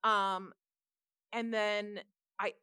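A woman's voice: mid-range voice, level tone, very slow, pushed and bright, clear, resonant tone, no room sound, studio quality. A woman co-hosting a podcast, talking candidly and emphatically in casual chat. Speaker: podcast co-host.

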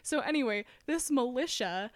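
A woman's voice: high-pitched, animated, moderate pace, no room sound, clean studio sound. A young woman co-hosting a podcast, casually retelling a TV episode with frequent laughter and offhand swearing. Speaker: podcast co-host.

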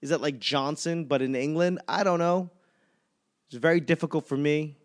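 A man's voice: fairly high pitch, steady tone, moderate pace. A man in his thirties hosting a casual solo podcast, rambling and self-mocking with plenty of swearing. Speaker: podcast host.

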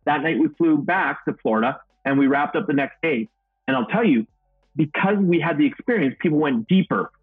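Husky-voiced man on a tinny remote line. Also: fairly high pitch, lively intonation, brisk, dry recording, faint music behind. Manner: upbeat, self-described goofball, acts out quotes. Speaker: guest, motivational speaker and trainer. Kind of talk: energetic storytelling interview answer. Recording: tinny phone-like remote call audio.

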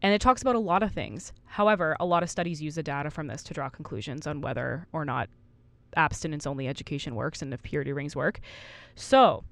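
A woman's voice: fairly low pitch, dry recording. A woman in her twenties co-hosting a casual podcast, reading study findings aloud and laughing at her own slips. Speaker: podcast co-host.

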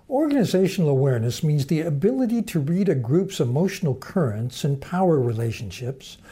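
A man giving a measured, explanatory lecture that mixes teaching with storytelling. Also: fairly high pitch, warm tone, breathy edge.

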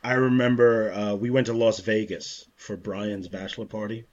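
A man from the United States talking on a casual podcast, animated, swearing and joking at himself. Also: on the low side, moderate pace, lo-fi sound. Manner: animated, swearing, self-mocking jokes. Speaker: guest co-host.

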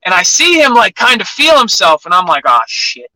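A young adult MMA fighter, appearing as an interview guest, tells a casual gym story in an animated way, acting out what each person said. His high, very bright voice is brisk, and the rough recording is dry and close to the mic with no room sound.

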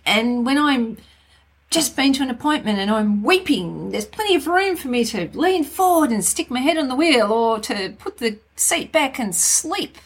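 A woman's voice: sits high, lively intonation, normal speed, breathy edge. A middle-aged Australian woman co-hosting a casual podcast chat, talking in a frank, wry and blunt way. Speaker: podcast co-host.

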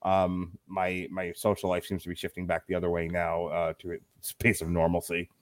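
A man with a lowish voice hosts a casual film review podcast, wry and quick to laugh as he reads out critics' lines. His voice is close and dry, with no room sound. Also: monotone, dry recording. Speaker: podcast host. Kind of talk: casual movie review chat.

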